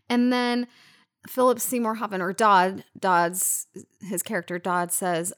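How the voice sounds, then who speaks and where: Animated woman swapping film talk. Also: medium pitch, normal speed. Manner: animated, swearing, acts out scenes. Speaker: podcast co-host. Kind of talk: casual film discussion.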